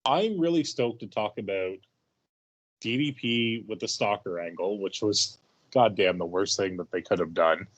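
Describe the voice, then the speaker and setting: Male podcast co-host, excitable and brash, casual profanity. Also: lowish voice, normal speed. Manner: excitable, brash, swears freely.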